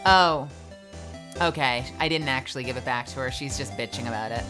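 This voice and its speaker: A woman's voice: rumbling low, a little fast. A woman streaming a game playthrough, playful and joking, swearing casually as she plays. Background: game music.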